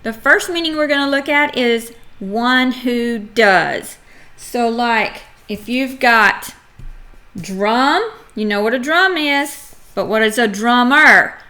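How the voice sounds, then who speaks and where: Brief: middle-aged woman teacher, slow and clear phonics drill, playful, bright tone. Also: fairly high pitch. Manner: clear, slow sounding-out of letters and words; animated and playful, acts out examples. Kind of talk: phonics lesson for young children.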